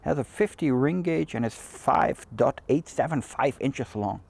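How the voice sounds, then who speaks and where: A man's voice: mid-range voice, unhurried, vocal fry, darkish tone, slightly rough. A man hosting a cigar show, talking in a loose, rambling way with many fillers and restarts. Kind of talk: casual chat.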